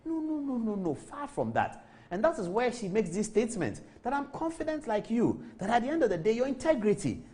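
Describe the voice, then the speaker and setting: Ghanaian tv host guy, husky voice, bounces all over, emphatic and chatty. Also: very high-pitched, a little fast. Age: middle-aged. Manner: animated, emphatic, repeats words. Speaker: TV show host. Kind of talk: studio commentary on news. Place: TV studio.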